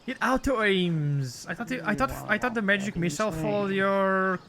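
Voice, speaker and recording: A man in a casual multiplayer game chat, excitable and swearing as he calls out spells. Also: sits high, normal speed, crowd noise. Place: VR game session. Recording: game music clearly audible behind the voice.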